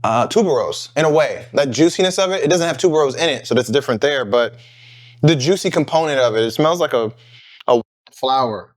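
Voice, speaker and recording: A man hosting his own review channel, talking casually and thinking aloud with fillers and self-corrections. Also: mid-range voice. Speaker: fragrance reviewer, channel host. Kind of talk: casual unscripted review vlog.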